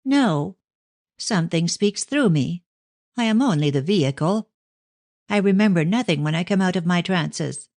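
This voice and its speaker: A woman voicing a thin, dramatic middle-aged clairvoyant, effusive when awake and slow and solemn in trance, in a dry audiobook reading. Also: on the low side, lively intonation, a little mellow, no echo. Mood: gentle.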